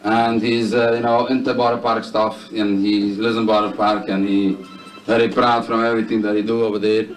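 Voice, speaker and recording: A man doing stand-up storytelling at a charity event, animated and jumping between character voices. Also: on the low side, normal speed, faint music behind. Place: event hall. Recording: distant mic with faint room ambience.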